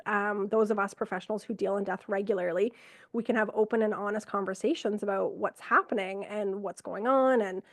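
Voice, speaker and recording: A middle-aged woman, an ER nurse from Canada, telling stories from work in a lively conversational way, acting out what she and others said. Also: medium pitch, no room sound. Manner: animated, quotes herself and others, frequent fillers. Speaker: ER nurse, podcast guest. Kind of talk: conversational storytelling.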